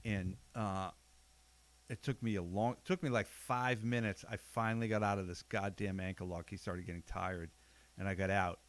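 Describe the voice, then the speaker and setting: A man with a lowish voice hosts a loose podcast conversation. He tells stories bluntly, with plenty of casual swearing. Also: moderate pace. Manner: blunt, animated storyteller who swears freely. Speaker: podcast host, jiu-jitsu black belt.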